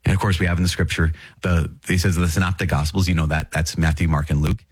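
A man's voice: deep voice, flat delivery, quick pace, husky, no echo, studio quality. A man hosting a podcast on the Catholic catechism, reading passages and then explaining them in an earnest, chatty way, often repeating key phrases. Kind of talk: casual teaching with read passages.

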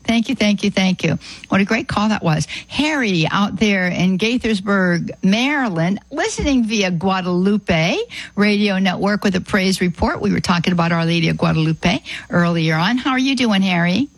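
A woman's voice: medium pitch, normal speed, no room sound, poor audio. A woman hosting a call-in radio show, talking in an effusive, heartfelt way and thanking callers over and over. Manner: warm, effusive, repeats "beautiful" often. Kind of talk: Catholic radio call-in chat.

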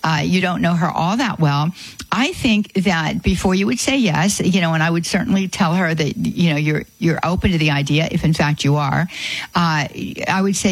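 A woman hosting a call-in radio advice show, speaking haltingly with many fillers and restarts. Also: fairly low pitch, no room sound, low-quality recording.

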